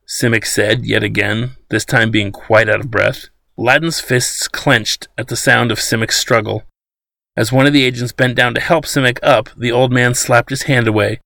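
A man narrating an audiobook in a steady storytelling manner. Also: mid-range voice, moderate pace, gravelly, dry recording.

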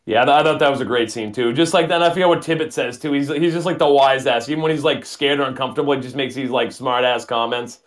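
A man's voice: medium pitch, fast, hardly any pauses. A man co-hosting a casual movie podcast, chatty and laughing often as he works from his notes. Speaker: podcast co-host. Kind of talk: casual movie review chat.

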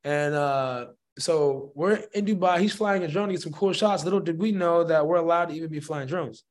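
A man, a musician guest, telling a story in a slangy, rambling and animated way. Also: a little high, moderate pace. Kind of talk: casual storytelling.

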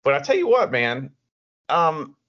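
A man's voice: fairly high pitch, sing-song, a little slow. A man co-hosting a podcast in casual chat, ranting with lots of profanity and restarts. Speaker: podcast co-host. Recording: dull lo-fi audio.

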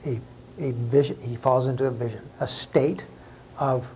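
A man's voice: mid-range voice, steady tone, a little slow, dark tone, a little hiss or hum, low-quality recording. A man preaching a sermon as the pastor, talking in a conversational way with rhetorical questions and repeated words.

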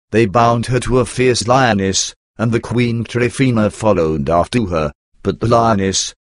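A man narrating an archaic text in a measured, unhurried reading voice. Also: fairly low pitch, dry recording, studio quality.

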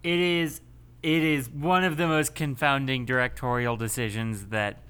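A male co-host gives his opinions and jokes his way through a casual film chat. His voice is smooth and resonant, at an ordinary male pitch. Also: steady tone, moderate pace, pushed and bright. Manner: jokey and opinionated. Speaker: podcast co-host.

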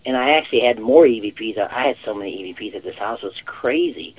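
A man's voice: lowish voice, expressive, fast talker, slightly rough, narrow, tinny audio. A man talking as a psychic guest in a casual interview, rambling and leaning on the word "actual" again and again. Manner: rambling, repeats "actual" often.

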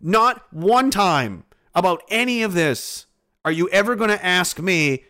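A man's voice: sits high, animated, a little slow, bright, forceful tone. A Canadian man on a live stream, ranting angrily about politics in a profane, heated way. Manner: profane, heated, mocking voices of others. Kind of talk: angry political rant.

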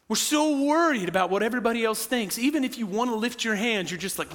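A man preaches in a high, bright voice, animated and full of quick asides to the congregation. His words ring out with a long reverb in the church sanctuary. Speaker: pastor. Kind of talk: sermon.

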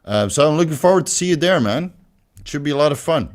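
A man's voice: fairly high pitch, expressive, fast talker. A man with a Dutch accent chatting loosely on a livestream, swearing freely and reading out viewer comments. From Netherlands. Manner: loose and profane, many fillers and restarts. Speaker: livestream host.

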